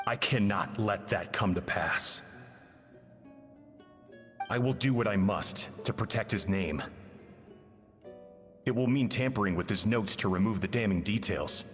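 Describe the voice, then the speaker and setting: A man's voice: lowish voice, fairly bright tone, big-room sound, close to an everyday voice. An actor voicing a remorseful man in a video game who hides his crimes to protect a dead friend's name, in a solemn, confessional tone.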